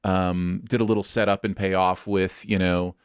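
A man from the American Midwest talks animatedly in casual podcast chat, often restarting his sentences. His voice sits low, and the recording is close and dry. He sounds like a seasoned host. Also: moderate pace, smooth, no echo. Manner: animated, lots of fillers and restarts.

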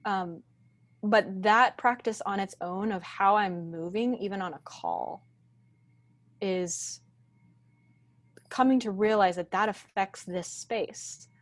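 A woman guest on a podcast, calmly teaching in a slow, deliberate and grounded way. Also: mid-range voice. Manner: calm, deliberate, speaks slowly and groundedly. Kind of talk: conversational teaching.

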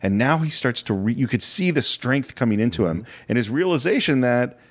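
A man's voice: mid-range voice, expressive, brisk, soft background music. A man co-hosting a film podcast in casual chat, retelling scenes in detail. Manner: detailed storyteller who acts out quoted lines.

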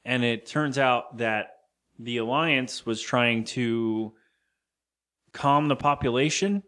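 A man's voice: medium pitch, slow pace, a bit bright. Casual man recapping a movie. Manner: loose and profane, retells scenes with quoted lines. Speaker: podcast co-host.

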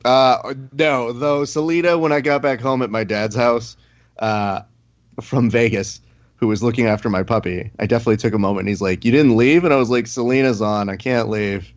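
Guy hosting a podcast, lively storyteller doing little voices, kinda dull lo-fi sound. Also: medium pitch, a little fast. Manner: animated storyteller, acts out quotes. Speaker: podcast host. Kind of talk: casual chat.

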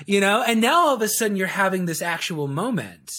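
A guest on a laid-back podcast, this man works as a sales video coach and talks a little fast with barely a pause. His slightly high voice swings widely as he performs bits of quoted dialogue, telling his stories with playful, chuckling energy like an animated storyteller.

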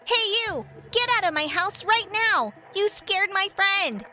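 A woman narrator voicing a calm, blunt teenage girl who speaks defiantly. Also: high voice, measured pace, soft background music, pitched above the performer's own voice, heavily acted.

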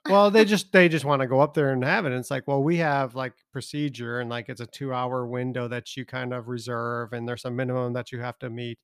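A man's voice: medium pitch, steady tone, brisk, hardly any pauses, clean tone, dry recording, clean studio sound. A man co-hosting a podcast, talking in a laid-back, hesitant way. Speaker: podcast co-host. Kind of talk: casual chat.

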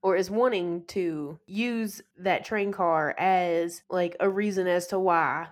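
A woman's voice: on the low side, takes it slowly. A woman co-hosting a casual movie chat, laughing often and filling in plot details. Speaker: podcast co-host.

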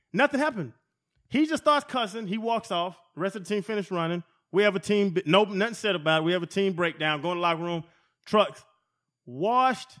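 A man in his forties, a former football player, telling profane, animated stories as a podcast guest. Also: sits high. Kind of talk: casual storytelling.

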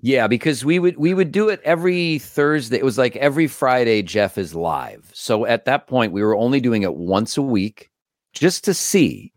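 A man, a voice actor and comedian, telling stories as an interview guest in an animated way, acting out the voices of others. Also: mid-range voice, moderate pace, dry recording, studio quality. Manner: animated, acts out quoted voices. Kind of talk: storytelling interview.

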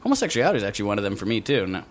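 A man hosting a casual chat, speaking haltingly with restarts as he shares his own take. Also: on the low side, sing-song, a little hiss or hum. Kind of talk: casual conversation.

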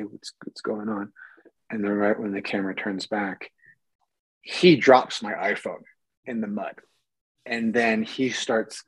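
A man with a low, husky voice tells a rambling on-set story in a lively way, slipping into the voices of the people he quotes. The sound is dry and close. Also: no room sound, low-quality recording. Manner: animated storyteller, acts out quoted dialogue. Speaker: actor guest. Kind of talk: casual anecdote.

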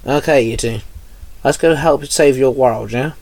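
A man's voice: mid-range voice, measured pace, darkish tone, lightly acted. A man voicing a reluctant, irritable young man chosen as a gods' avatar in a storybook reading. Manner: irritable, snappy.

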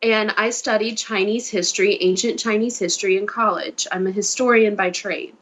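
A young woman, talking as a guest in a relaxed, easygoing chat. Her voice sits at an ordinary middle pitch, and she keeps a playful, talkative manner throughout. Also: moderate pace. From Mississippi, USA. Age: 20s. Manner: chatty, playful. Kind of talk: casual chat.

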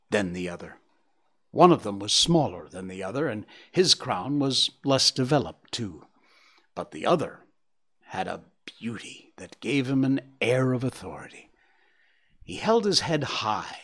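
A man narrating a storybook in a hushed, expressive reading that dips into near whispers. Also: medium pitch, husky.

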